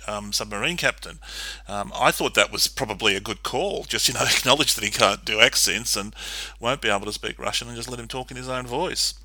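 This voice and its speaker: Bright-voiced man recapping a film plot. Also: fairly low pitch, dry recording. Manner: steady, methodical recapping with filler ums. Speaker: podcast co-host.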